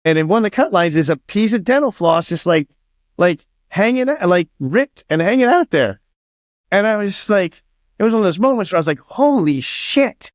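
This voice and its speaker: An author in an interview tells stories casually, swearing freely and acting out what other people said. His voice is high-pitched, expressive, and brisk, captured at studio quality with no room sound.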